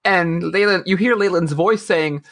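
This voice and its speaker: A woman co-hosting a podcast, recapping a TV episode with animated storytelling and frequent laughter. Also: on the low side, normal speed. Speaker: podcast co-host. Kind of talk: casual chat, recapping a TV episode.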